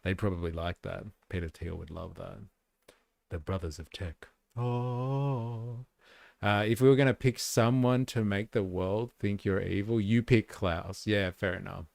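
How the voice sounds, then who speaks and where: Sarcastic, gravelly man streaming. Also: lowish voice, measured pace, a little mellow, no echo. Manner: sarcastic, profane, opinionated. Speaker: streamer and commentator. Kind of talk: casual livestream commentary.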